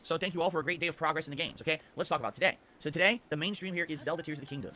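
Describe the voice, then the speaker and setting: A man's voice: on the high side, rapid-fire, pushed and bright. A man, a game streamer, casually running through his streaming schedule in an upbeat, rambling way, often tagging sentences with "okay?".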